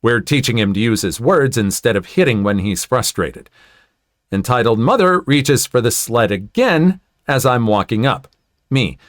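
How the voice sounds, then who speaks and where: A man reading online stories aloud in an expressive way, adding sympathetic comments of his own. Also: lowish voice, moderate pace, no echo, studio quality. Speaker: story narrator.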